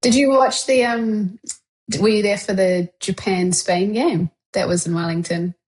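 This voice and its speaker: A woman from New Zealand, speaking with a New Zealand accent, a podcast guest telling stories in relaxed chat. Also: medium pitch, measured pace. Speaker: guest, sports executive. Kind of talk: casual interview chat.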